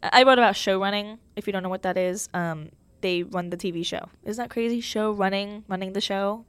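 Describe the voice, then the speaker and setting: A woman's voice: medium pitch, fairly quick, fairly bright tone, clean tone, no room sound. A young woman hosting her own podcast in a casual, chatty way, full of fillers and self-mocking humor. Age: young adult. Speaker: podcast host. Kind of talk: casual solo podcast chat.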